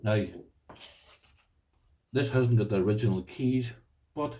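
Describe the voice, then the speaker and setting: A middle-aged man with an Irish accent talks casually to his viewers. His voice is warm and mellow at a middle pitch. He rambles through his asides and pokes fun at himself, laughing often. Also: unhurried, pauses often, recorded from a distance, low-quality recording. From Ireland. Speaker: lock collector vlogger. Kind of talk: casual vlog chat.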